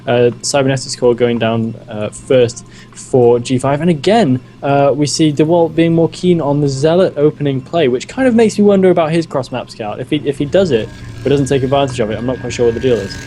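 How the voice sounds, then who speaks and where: A man co-casting a live game, measured and analytical, prone to laughing. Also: medium pitch, warm tone, faint music behind. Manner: measured, analytical, breaks into giggles. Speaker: esports co-caster.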